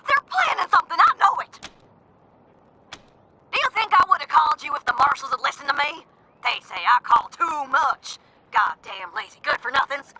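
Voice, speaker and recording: An actress playing a paranoid, complaining apartment manager in a video game, talking in a frantic, bossy way. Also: female voice, high voice, pushed and bright, heavily acted. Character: paranoid, shrill middle-aged woman apartment manager.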